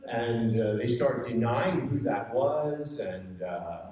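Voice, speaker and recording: Before a seated group in a meeting room, a preacher gives a conversational sermon, earnest at first and then pressing his listeners emphatically. His voice is mid-range, slow and darkish. It was picked up from a distance in an echoey room.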